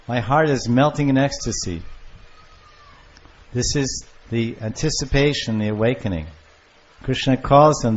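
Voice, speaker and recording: An older man giving a devotional lecture on scripture, storytelling with lively acted-out voices. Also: mid-range voice, a little hiss or hum. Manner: animated storyteller, acting out lovers' calls. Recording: muffled lo-fi lecture recording.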